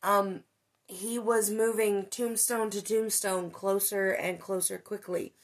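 Animated woman telling a ghost story. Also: mid-range voice, slow pace. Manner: animated, many fillers, swears when excited. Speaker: podcast host. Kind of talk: casual storytelling chat.

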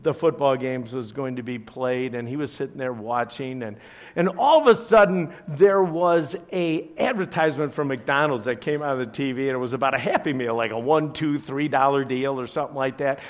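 An older man, a grandfather, preaching a sermon with animated, playful storytelling and asides. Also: medium pitch, normal speed. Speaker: pastor.

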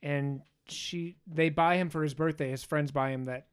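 A man's voice: fairly high pitch, steady tone, moderate pace, smooth. Profane, joking man recapping a movie. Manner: loose, profane, joking asides. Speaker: podcast host. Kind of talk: casual movie recap chat.

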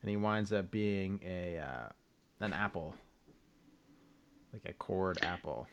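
A man's voice: deep voice, slow pace, gravelly, muffled recording, a little hiss or hum. A man co-hosting a podcast, rambling casually through a recap with loose swearing. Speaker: podcast co-host. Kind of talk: casual chat.

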